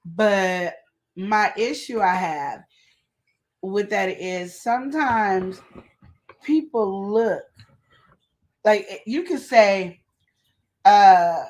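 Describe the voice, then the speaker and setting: A woman's voice: mid-range voice, animated, very slow, long pauses, a little mellow. A woman co-hosting a live relationship advice stream, talking in a casual, emphatic way with slang and repeated questions. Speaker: co-host of a live advice show.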